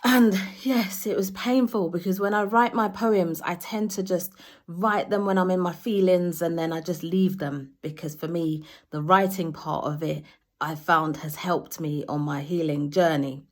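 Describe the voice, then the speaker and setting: A woman's voice: lowish voice, steady tone, unhurried. A woman poet talking earnestly and openly emotionally to camera, restarting and correcting herself as she goes. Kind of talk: personal talk to camera.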